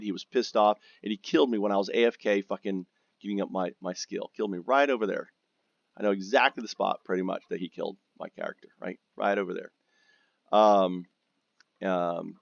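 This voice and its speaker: A lower-pitched man with a gravelly, creaky voice, telling a rambling, profanity-laden story about his game. He trips over his words and restarts sentences often. The recording is dry and dull, like a lo-fi mic. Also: dry recording. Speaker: gamer recounting guild drama.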